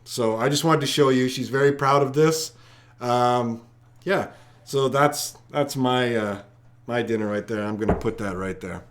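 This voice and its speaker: A man hosting a live-streamed trivia night, talking chattily and straight to his viewers. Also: medium pitch. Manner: chatty, addressing viewers directly. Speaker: trivia host.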